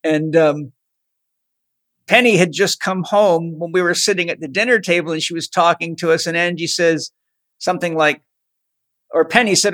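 A man's voice: fairly high pitch, normal speed, no room sound. Man telling a story in a dry room. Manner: animated anecdote-telling, fond. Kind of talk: casual chat, storytelling.

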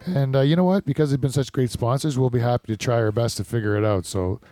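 A man's voice: medium pitch, fast, warm tone, dry recording, soft background music. A middle-aged man hosting a casual podcast, rambling and swearing in mock rants. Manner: rambling, profane, mock-ranting. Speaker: podcast host.

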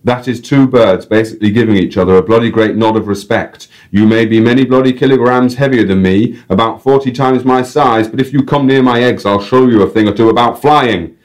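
A man reading aloud voices an excitable, crude, red-faced male bird-show guide with a Northern English accent. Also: medium pitch, fairly quick, hardly any pauses, voice pushed up, close to an everyday voice. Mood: excited commentary. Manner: exclaiming, commentating on a microphone.

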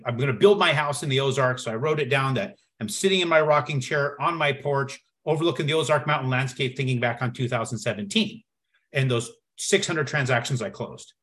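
A man telling a personal story as a podcast guest, acting out the dialogue with lively shifts in his voice. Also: mid-range voice. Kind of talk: storytelling in conversation.

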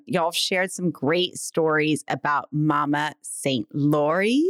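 A woman, co-hosting a podcast in casual chat and leading the rapid-fire questions. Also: low voice, music in the background. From Texas. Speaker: podcast co-host.

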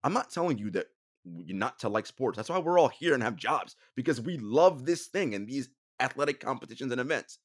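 A man hosting a sports podcast, speaking earnestly and often dropping into a somber hush. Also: mid-range voice, expressive, brisk. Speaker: podcast host. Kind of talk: casual podcast talk.

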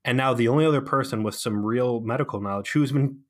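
A man of ordinary pitch talks through a TV episode in a loose, joking podcast recap. He tells it with sarcastic energy, picking things apart as he goes and stumbling over fillers along the way. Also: fast talker. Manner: sarcastic, animated storytelling with frequent fillers. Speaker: podcast co-host. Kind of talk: casual comedic show recap.

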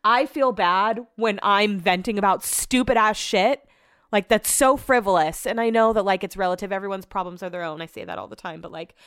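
A woman's voice: medium pitch, brisk, fairly bright tone, smooth, dry recording, clean studio sound. A woman in her thirties hosting a solo podcast, chatty and rambling, swearing freely and filling her talk with "like", feeling emotional. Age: 30s. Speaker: podcast host. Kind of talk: casual solo podcast chat.

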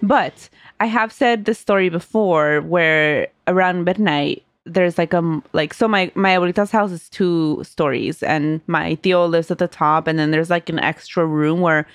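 A woman's voice: lowish voice, moderate pace, few pauses, no room sound, clean studio sound. A young woman hosting a podcast, telling a rambling story with lots of fillers and laughs. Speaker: podcast host. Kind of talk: casual podcast chat.

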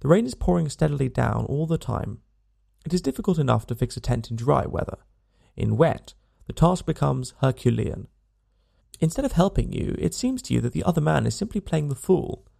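Male audiobook narrator, very gravelly and dark-toned, dry comic delivery. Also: on the high side, big pitch swings, brisk. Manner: dry, wry storytelling. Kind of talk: scripted narration of a comic novel.

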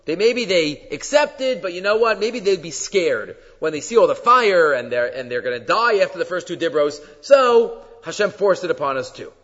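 Through dull, lo-fi sound with long reverb, a male rabbi gives his weekly Torah lecture, reading verses, translating them and putting rhetorical questions to the class. He speaks high-pitched and expressive, a bit bright, at a moderate pace with hardly any pauses.

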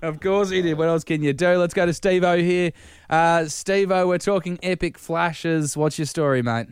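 A man's voice: fairly high pitch, moderate pace, smooth. A man co-hosting a radio show, telling stories and taking calls. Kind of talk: breakfast radio banter.

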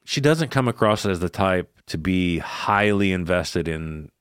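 A man's voice: sits low, expressive, a little slow, fairly bright tone, clean tone, dry recording, studio quality. A man co-hosting a podcast, telling a personal story in casual chat, candid and swearing freely. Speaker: podcast co-host.

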